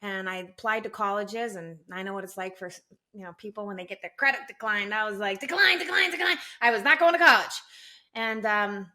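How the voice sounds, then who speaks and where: Bright-voiced woman telling her story. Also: mid-range voice, brisk. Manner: animated, acts out quotes in raised voice. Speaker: guest, sales training company president. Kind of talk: candid storytelling interview.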